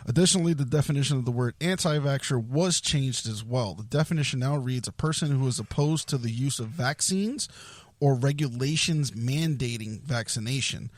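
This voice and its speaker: A man's voice: mid-range voice, moderate pace, no echo. A man hosting a casual podcast, reading an article aloud and stumbling over long words. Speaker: podcast host.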